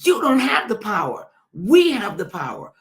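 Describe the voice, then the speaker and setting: A woman's voice: mid-range voice, very animated, normal speed. A woman talk show host delivering an emphatic political commentary monologue, repeating herself and addressing listeners directly.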